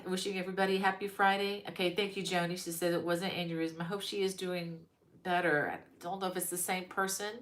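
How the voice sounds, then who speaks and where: Middle-aged woman, crochet live-stream host, casual chat, slightly low voice, lots of ums. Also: flat delivery, fairly quick. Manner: chatty, greets viewers by name, many ums. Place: her mother-in-law's home.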